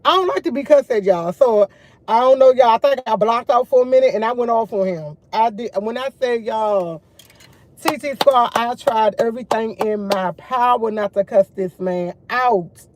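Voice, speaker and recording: A young woman vlogging to her viewers, retelling a run-in in an animated, emphatic way with slang and swearing. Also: on the high side, moderate pace, slight background noise. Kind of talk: casual storytelling chat.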